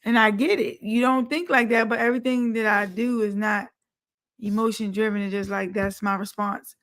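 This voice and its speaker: A woman's voice: mid-range voice, fairly even intonation, moderate pace, fairly bright tone. A woman co-hosting a casual chat, laid-back and matter-of-fact, shrugging things off.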